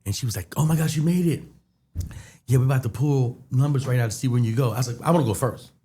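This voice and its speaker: A man's voice: mid-range voice, fast. A man, a comedian guest telling stories in casual podcast chat and acting out the other people's voices. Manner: animated storyteller acting out voices.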